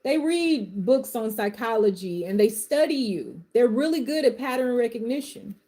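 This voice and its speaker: A woman talks straight to her viewers on a live stream, by turns gently reassuring and fiercely worked up. Her voice sits a little high yet sounds warm and mellow, and her speech is loose and colloquial, full of Southern turns of phrase. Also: expressive, moderate pace. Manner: impassioned, swings from soft comfort to fired-up outbursts; uses Southern vernacular. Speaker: live tarot reader. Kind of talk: live-stream reading and pep talk.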